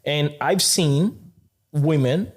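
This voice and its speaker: Male podcast co-host, halting and repetitive, slightly high voice. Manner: halting, repeats words, animated when telling stories. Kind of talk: casual podcast chat.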